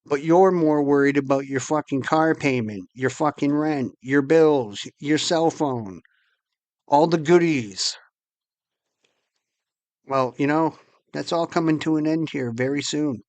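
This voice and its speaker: A man's voice: fairly high pitch, measured pace, darkish tone, dry recording. A man ranting angrily and profanely to his viewers as host of his channel. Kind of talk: angry monologue to camera.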